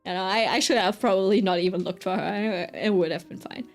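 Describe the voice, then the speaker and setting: This woman speaks at a medium pitch and a little fast, with faint music playing behind her. Chatting as she draws, the streamer tells a story casually and meanders, full of fillers and frequent "right?" check-ins.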